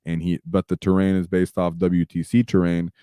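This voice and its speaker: A man hosting a casual livestream chat, talking in an animated way with lots of fillers and sudden shouts. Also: low-pitched, moderate pace, dry recording, clean studio sound. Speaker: streamer host.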